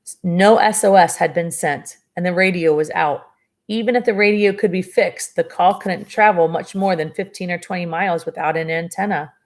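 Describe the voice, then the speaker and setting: A woman's voice: on the low side, fairly even intonation, moderate pace. A woman reading a novel aloud and breaking off for chatty asides and dry sarcasm about the story. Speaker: reader of a novel. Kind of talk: reading a book aloud with commentary.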